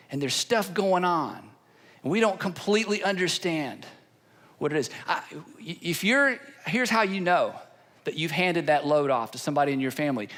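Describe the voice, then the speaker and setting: A man with a notably high voice preaches a sermon from the pulpit. He builds his points through repeated phrases that grow in insistence. His tone stays earnest and pleading throughout. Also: fairly bright tone. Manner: repetitive, building cadence. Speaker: pastor.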